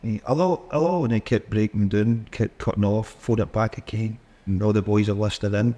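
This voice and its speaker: A man's voice: fairly low pitch, monotone, a little fast, mellow. A man with a Scottish accent, a former footballer telling chatty anecdotes as a guest in a casual interview. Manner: chatty anecdotes with laughs and mimicry.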